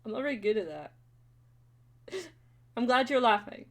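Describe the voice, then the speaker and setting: A woman's voice: on the high side, big pitch swings, moderate pace. A Scottish woman co-hosting a casual live stream, hesitant and giggly, often trailing off. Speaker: stream co-host.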